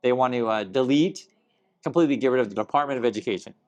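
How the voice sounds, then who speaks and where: A man's voice: mid-range voice, fast talker, dry recording. Chatty man hosting a casual news talk. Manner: relaxed, chatty, many fillers and chuckles. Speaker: host. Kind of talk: casual news commentary chat.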